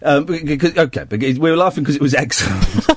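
A man with a Southern English accent hosting a late-night radio show, playful and quick with asides. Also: on the high side, expressive, breathy edge, no echo. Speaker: radio host. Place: radio studio.

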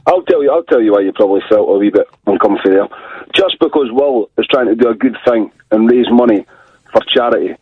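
Husky Scottish man on a phone line. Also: on the low side, brisk, no echo. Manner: chatty storyteller, uses "wee" and "aye". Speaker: caller. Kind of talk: phone-in chat. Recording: tinny dry phone line.

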